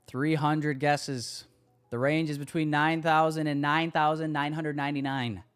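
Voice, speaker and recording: A man's voice: on the high side, level tone, unhurried, clear, resonant tone, faint music behind. A man hosting a live trading stream, chatting casually with viewers, loose and hyped, swearing now and then.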